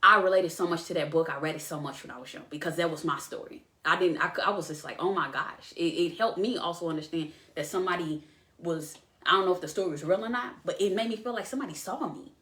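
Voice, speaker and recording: A woman podcast host telling a painful personal story, halting and emotional, with many restarts. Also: on the low side, bright, forceful tone, echoey room.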